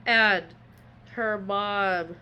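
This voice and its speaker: A woman's voice: medium pitch, steady tone, very slow, sharp tone, highs cut off. Woman co-host, mid-range voice, rambling plot recap, laid-back book chat, faint hiss behind. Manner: rambling retelling with many fillers. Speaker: podcast co-host.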